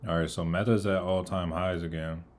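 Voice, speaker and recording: A man's voice: low voice, fairly even intonation, moderate pace. A man giving casual live market commentary, eating as he talks and greeting viewers in the chat by name. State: eating, mouth full of food. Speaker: livestream trader.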